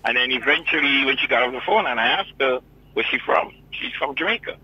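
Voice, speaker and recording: Grenadian guy calling in, rambling and teasing, raspy voice, dull phone sound. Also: medium pitch, animated, fairly quick. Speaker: caller. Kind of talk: casual call-in chat. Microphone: telephone. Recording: muffled phone line.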